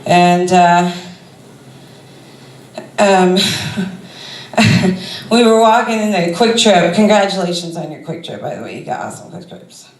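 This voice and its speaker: A woman's voice: lowish voice, expressive, takes it slowly, long pauses. A woman doing a stand-up comedy set, talking in a rambling, conversational way with lots of fillers. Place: comedy club stage before a crowd. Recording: roomy club sound from a distance.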